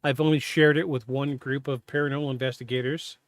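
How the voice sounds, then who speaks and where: A man hosting a podcast, telling a personal story in a halting, candid, self-interrupting way. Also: mid-range voice, flat delivery, no room sound. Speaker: podcast host. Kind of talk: casual storytelling.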